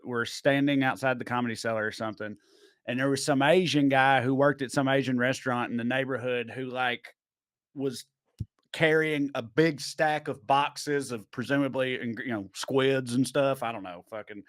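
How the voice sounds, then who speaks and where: A man hosting a podcast, telling stories in a loose, rambling way with lots of fillers. His voice sits at an average pitch and sounds dry and close to the mic. He often trails off into quieter stretches. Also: steady tone, moderate pace, no room sound. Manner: rambling, full of fillers, drops quiet mid-story. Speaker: podcast host. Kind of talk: casual chat, storytelling.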